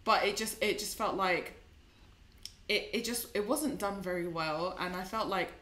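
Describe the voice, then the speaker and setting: A woman's voice: medium pitch, moderate pace, fairly bright tone. A woman chatting about films as co-host, often restarting her sentences as she thinks aloud. Her mid-range voice carries a noticeable room echo. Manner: hesitant, restarts, conversational. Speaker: podcast co-host. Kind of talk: casual film review chat. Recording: roomy echo.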